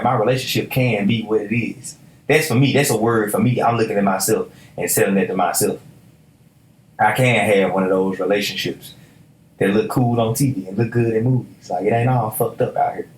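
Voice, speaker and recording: A young man gives a motivational talk on his own podcast, his voice sitting fairly low. He preaches in an emphatic, casual way, often stumbling into quick restarts before driving a point home. The room around him sounds echoey. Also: a little hiss or hum. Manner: emphatic, preachy, colloquial with repeated stammered restarts. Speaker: podcast host.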